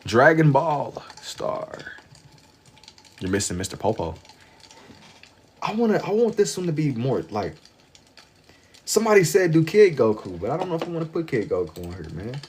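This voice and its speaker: With a faint hiss or hum in the background, a man draws on a livestream and rambles sleepily in a medium-pitched, darkish voice that swings widely in pitch. He talks a little fast but leaves long pauses, drawling in slang, wandering, and repeating himself.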